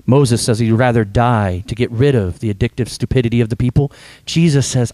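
A man preaching a sermon earnestly and emphatically, with dramatic pauses. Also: medium pitch, fairly even intonation, warm tone, no room sound. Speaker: pastor.

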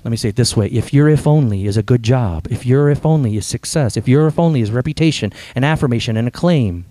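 Earnest male preacher with a dark tone. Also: mid-range voice, no echo. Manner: earnest, emphatic preaching with dramatic pauses. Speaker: pastor. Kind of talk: sermon.

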